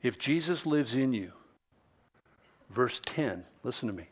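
A man preaching a sermon as pastor, stressing key phrases loudly and then dropping low and quiet, repeating lines for effect. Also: animated. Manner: slow, deliberate delivery with repeated phrases.

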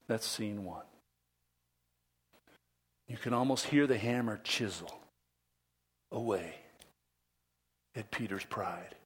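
A man pastor preaching a sermon, dramatic, dropping to whispers and rising to loud emphasis. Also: fairly low pitch, takes it slowly, pauses often, slightly rough.

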